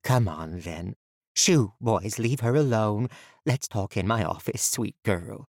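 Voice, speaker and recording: A man's voice: fairly low pitch, expressive, slow pace, creaky, darkish tone, no room sound, studio quality, exaggerated voice. A man voicing a chatty woman supervisor in an audiobook, motherly and coaxing with a sinister edge. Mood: sweetly menacing. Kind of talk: audiobook character voice.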